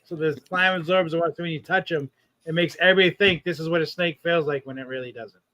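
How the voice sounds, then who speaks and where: Bright, joking higher-voiced man. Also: quick pace, dry recording. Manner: joking, playful, teasing. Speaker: stream guest. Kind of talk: casual chat.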